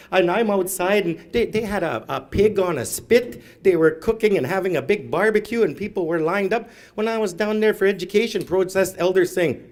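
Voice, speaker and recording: A man, a stand-up comedian telling stories on stage with deadpan asides. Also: high-pitched, normal speed. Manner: storytelling, deadpan asides, laughs at own jokes. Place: live event hall, audience.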